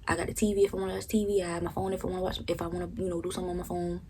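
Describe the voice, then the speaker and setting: A woman's voice: fairly low pitch, level tone, rapid-fire, dark tone, slight background noise. A young woman casually telling a personal story, frank and profane, often checking in with "right?". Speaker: storytime vlogger.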